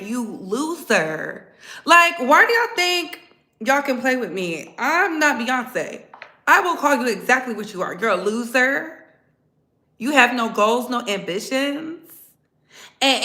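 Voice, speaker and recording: Woman, livestream host, sassy and blunt, bright forceful voice, roomy echo. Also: on the high side. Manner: blunt, sassy, talks straight to her chat. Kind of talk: casual livestream chat.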